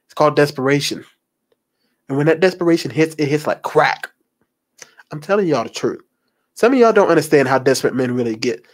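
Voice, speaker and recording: Young male reaction commentator, preachy and mocking, very expressive pitch. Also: brisk, long pauses. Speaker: commentary host. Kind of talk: reaction commentary on text messages.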